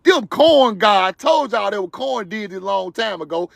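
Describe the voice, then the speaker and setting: Lively, gravelly livestreaming man. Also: high voice, normal speed, no echo, studio quality. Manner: animated, preachy and joking, laughs loudly; talks to viewers directly. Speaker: livestream host. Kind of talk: excited livestream commentary.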